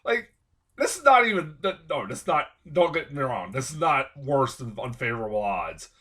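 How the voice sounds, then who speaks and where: A man's voice: mid-range voice, sing-song, moderate pace, pushed and bright. Man ranting angrily about a film. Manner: angry, profane, exasperated ranting. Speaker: movie reviewer. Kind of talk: casual film review rant.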